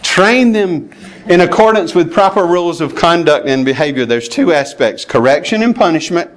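A man's voice: fairly high pitch, animated, moderate pace. A man preaching a sermon, plainspoken and emphatic, with chuckles and asides to the congregation. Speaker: pastor.

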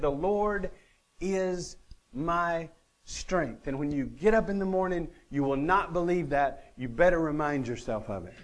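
Male pastor, slightly high voice, earnest sermon delivery with dry humor and wide dynamic swings.

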